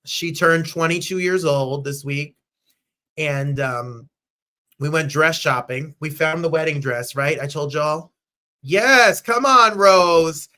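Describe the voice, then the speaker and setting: Man from new jersey, live-stream host, bubbly, gushing, fairly high voice, playful falsetto bursts. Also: steady tone, a little slow, sharp tone. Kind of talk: lively live-stream chat show.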